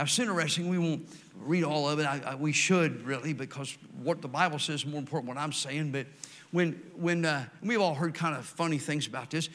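An older man preaching, telling folksy stories and swinging from loud emphatic lines to quiet, slow ones. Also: a little high. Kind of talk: sermon.

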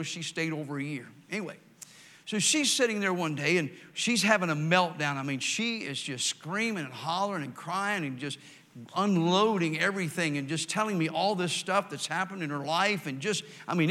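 An older man delivers a folksy sermon full of stories. His voice is bright and slightly high, and he moves between loud emphatic declarations and quiet, slow passages. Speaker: preacher.

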